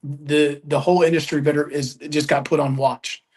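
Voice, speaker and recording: A man's voice: fairly high pitch, little pitch movement, normal speed, slightly rough. A man commenting as co-host, emphatic and repeating his points. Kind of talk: casual commentary.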